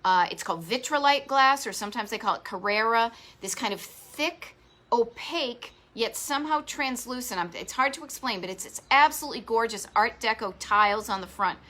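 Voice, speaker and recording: A woman's voice: on the high side, expressive, fairly quick, sharp tone. A woman with a Boston accent hosting a retro travel live stream, talking in an enthusiastic, rambling way with lots of asides. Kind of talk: chatty live stream monologue. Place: home garage office.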